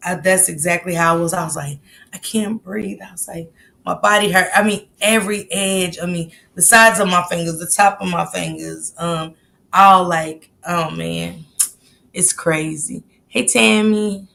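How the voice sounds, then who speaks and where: A woman's voice: lowish voice, steady tone, measured pace, gravelly, a bit bright. A woman in her late forties hosting a live stream, chatting casually and greeting viewers by name. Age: 40s. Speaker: livestream host.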